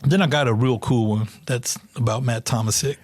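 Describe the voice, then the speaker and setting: A man's voice: mid-range voice, moderate pace, dry recording. A middle-aged man from Kansas City, a police officer telling stories in a casual podcast chat, acting out quotes and peppering his talk with "man" and "bro". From Kansas City, USA. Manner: animated storyteller, acts out quotes, says "man" and "bro" a lot.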